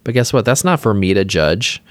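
A man's voice: lowish voice, expressive, moderate pace, dry recording. A man who is a plastic surgeon, chatting casually as a podcast guest, talking in loose rambling sentences full of fillers and openly emotional. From Utah, US.

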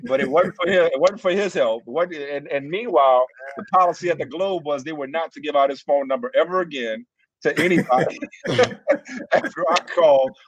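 A man from New Orleans, a guest, telling a story in casual chat, animated and self-mocking. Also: fairly high pitch, fairly quick, no echo, low-quality recording. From New Orleans, US South. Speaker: guest, co-host of another show.

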